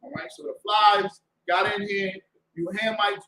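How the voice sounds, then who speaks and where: A man preaching as a show's host, loud and mocking, repeating himself and breaking into shouts. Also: high-pitched, unhurried, reverberant, poor audio. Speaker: street preacher and show host. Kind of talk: fiery preaching talk. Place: indoor room with a door to the street.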